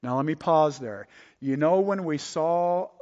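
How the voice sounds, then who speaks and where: Sermon preacher, man, unhurried delivery, slightly high voice, dull echoing hall recording. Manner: animated, shifts between loud emphasis and quiet asides. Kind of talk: sermon teaching. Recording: dull reverberant hall sound.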